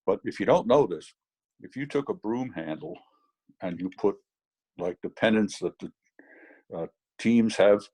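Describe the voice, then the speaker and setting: Husky-voiced man telling fishing tales. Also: fairly low pitch, a little mellow, low-quality recording. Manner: rambling storyteller with fillers. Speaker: fly fishing instructor. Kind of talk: anecdotal teaching demo. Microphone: video call.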